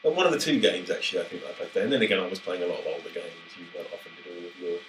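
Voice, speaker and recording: Very low male co-host, loose and jokey, trails off and restarts, casual podcast chat. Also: rapid-fire, a bit bright, a little hiss or hum, rough recording. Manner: rambling, self-interrupting, jokey.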